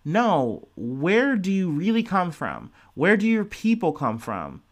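A man's voice: sits high, huge pitch swings, slow pace, voice pushed up, exaggerated voice. A man reading as a prying elderly posh lady. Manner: insistent, dismissive questioning. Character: elderly upper-class woman, prying and condescending.

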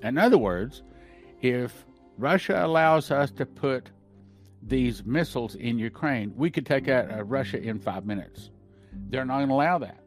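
A man's voice: mid-range voice, expressive, moderate pace, soft background music. A man hosting a podcast, reading news and scripture aloud and commenting on it with emphatic, repeated points. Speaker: podcast host.

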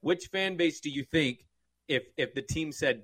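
A man's voice: medium pitch, a bit bright, no room sound. A man from the West Coast co-hosting a sports podcast, opinionated and joking in casual chat. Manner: opinionated, joking, quick asides.

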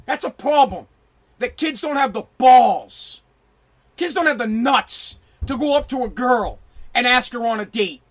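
Brash middle-aged male ranter with a strikingly high voice, profane and emphatic, prone to shouting. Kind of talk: ranting monologue.

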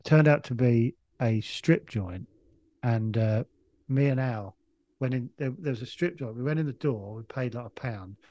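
A man's voice: medium pitch, moderate pace, mellow, dry recording. A man, a comedian guest on a podcast, telling a long stop-start anecdote with plenty of swearing and restarts.

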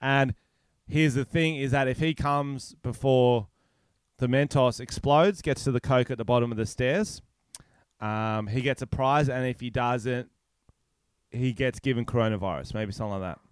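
A man's voice: medium pitch, moderate pace, clear, resonant tone, no echo, clean studio sound. Crude rambling man on a podcast. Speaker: podcast co-host. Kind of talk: crude casual banter. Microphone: remote call mic.

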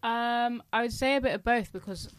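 A woman's voice: fairly high pitch, normal speed, clean tone. A young woman, co-hosting a casual chat podcast and talking candidly, often laughing and quoting herself. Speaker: podcast co-host.

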